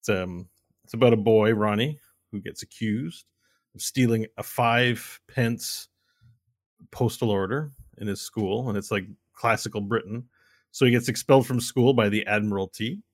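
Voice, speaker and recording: Low-voiced man casually recommending films. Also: moderate pace, no echo, studio quality. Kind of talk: casual chat.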